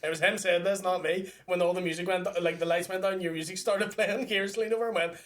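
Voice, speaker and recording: A man's voice: sits high, fairly even intonation, fast, fairly bright tone. An enthusiastic man in casual banter, swearing as he recalls an event. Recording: distant from the mic.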